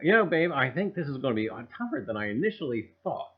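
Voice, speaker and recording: A man hosting a casual livestream, rambling and greeting viewers by name with loud cheerful bursts. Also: mid-range voice, very animated, quick pace, slightly rough. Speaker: livestream host. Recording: dull lo-fi stream audio.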